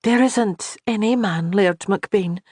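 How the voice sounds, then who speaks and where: A narrator voicing a frightened young woman with a quick tongue in an audiobook. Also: mid-range voice, a little mellow, no echo, studio quality, pitched above the performer's own voice. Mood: timid. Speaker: character in an audiobook. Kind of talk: audiobook character reading.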